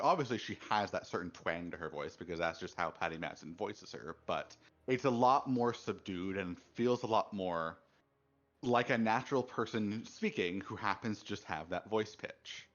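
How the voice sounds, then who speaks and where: A man's voice: lowish voice, highs cut off. A man co-hosting a casual gaming chat, talking in a thoughtful, analytical way. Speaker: co-host.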